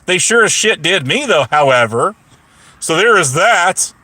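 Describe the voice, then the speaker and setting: A man's voice: high-pitched, big pitch swings, measured pace, pushed and bright, no room sound. A man rambling on a livestream while driving home, profane and combative, with lots of fillers, restarts and taunts at viewers. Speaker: livestream host. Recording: noisy car cabin.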